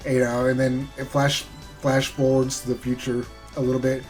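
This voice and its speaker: A man's voice: medium pitch, completely flat delivery, fairly quick, faint music behind. A man giving a loose, rambling recap of a show episode, full of fillers and the odd swear word. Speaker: show reviewer.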